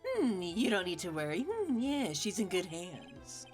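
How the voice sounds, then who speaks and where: A woman's voice: on the low side, huge pitch swings, darkish tone, soft background music. A woman voicing a shady male hospital director who drawls smugly and purrs his agreement. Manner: slow smug drawl, purring "hmm, yes".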